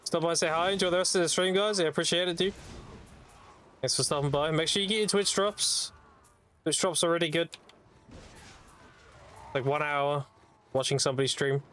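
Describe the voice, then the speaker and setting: A man's voice: fairly high pitch, moderate pace, pauses often, a bit bright, slight background noise. A British man streaming a game, chatting casually, joking and reading out chat. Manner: joking, swears, reads out chat.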